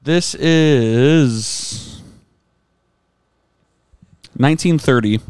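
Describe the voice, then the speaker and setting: A man's voice: medium pitch, drawn-out words, darkish tone, smooth, no room sound. Man, podcast co-host, casual joking chat, dead dry sound.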